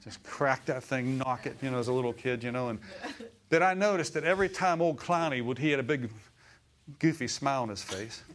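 A middle-aged man preaching a sermon in church, folksy and animated, chuckling often and calling out for amens. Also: medium pitch, quick pace.

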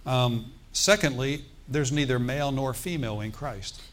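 A man pastor telling a story in a sermon, animated, with asides and quoted dialogue. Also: mid-range voice, moderate pace, a little hiss or hum.

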